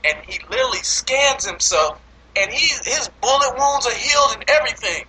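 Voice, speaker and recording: A man in casual, profane movie review chat, animated and laughing often as he complains. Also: very high voice, normal speed, slightly rough, poor audio.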